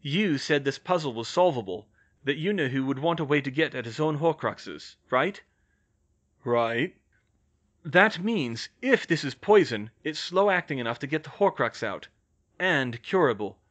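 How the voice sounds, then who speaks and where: A man playing a calm grown curse breaker. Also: a little high, measured pace. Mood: reasoning. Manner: level-headed, explaining. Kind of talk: audiobook character voice.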